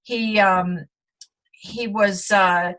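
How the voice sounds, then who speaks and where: A woman's voice: medium pitch, steady tone, extremely slow, a bit bright. A middle-aged woman, a guest in an interview, telling her story in an earnest, reflective way with many fillers.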